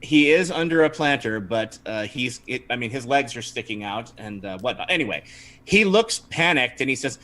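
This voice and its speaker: A man running a tabletop game on a livestream, narrating scenes and calling for rolls. His voice is bright and lively, with many restarts and easy laughter. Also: mid-range voice, moderate pace. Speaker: game master.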